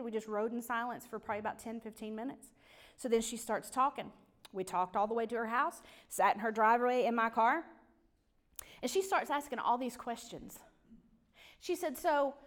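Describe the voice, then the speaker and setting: A woman telling a personal faith story, acting out voices and dropping to a near whisper at tense moments. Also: a little high. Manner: animated, acts out quoted voices, trails to a near whisper. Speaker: speaker sharing a personal testimony.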